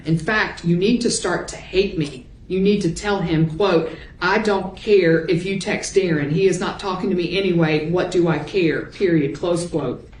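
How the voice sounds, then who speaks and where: A woman prosecutor reading messages and timestamps aloud into the court record in a measured voice. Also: lowish voice, a little mellow, slight background noise. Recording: echoey courtroom audio.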